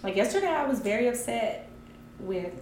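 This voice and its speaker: Woman chatting in an echoey room. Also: on the high side. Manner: animated, frequent laughter, measured when explaining. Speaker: podcast co-host. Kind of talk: casual chat. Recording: roomy echo with faint ambience.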